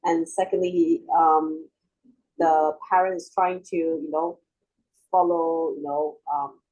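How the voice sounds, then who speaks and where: A woman's voice: low-pitched, little pitch movement, slow pace, a little mellow, muffled recording. A woman in a parent seminar explaining her view hesitantly, with many ums and likes. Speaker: seminar participant.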